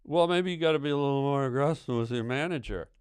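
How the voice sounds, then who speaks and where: Man, guest comedian, goofy absurd banter, smooth resonant voice, dry sound. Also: medium pitch, fast talker, a little mellow, no room sound. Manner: goofy, absurd insults with rambling fillers.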